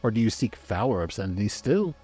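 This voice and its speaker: A man's voice: lowish voice, very animated, brisk, dark tone, breathy edge, faint music behind. A man voicing the strong, ringing, mocking voice of a haunted underground vault in a storybook reading. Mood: sneering, beckoning. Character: booming sinister voice of a haunted vault.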